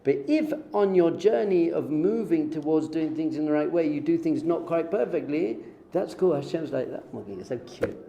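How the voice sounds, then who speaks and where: A middle-aged man, a rabbi teaching an informal Torah class, lively and joking, acting out little dialogues. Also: fairly high pitch, moderate pace, gravelly. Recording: echoey room with faint noise.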